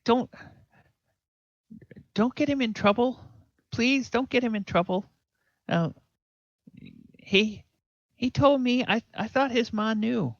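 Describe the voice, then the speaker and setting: Child: young halfling, eager and jumpy. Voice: a man putting on a very high, rushed squeak. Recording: dull lo-fi tabletop game. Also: expressive, creaky, fairly bright tone, no echo, exaggerated voice. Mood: pleading. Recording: dull lo-fi sound.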